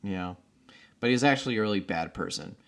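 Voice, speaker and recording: Male co-host, low-pitched, easygoing and jokey. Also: expressive, fairly quick. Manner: jokey, laughs while retelling scenes. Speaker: podcast co-host. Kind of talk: casual chat.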